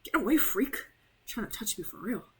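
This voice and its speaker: A woman's voice: fairly high pitch, sing-song, normal speed, husky, low-quality recording. A young woman casually commenting while streaming a game, rambling and apologetic, with lots of "like". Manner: chatty, rambling, heavy use of "like", apologetic.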